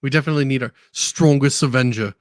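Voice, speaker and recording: A man's voice: medium pitch, fast talker. Man chiming in with short reactions. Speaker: podcast co-host. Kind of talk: casual chat.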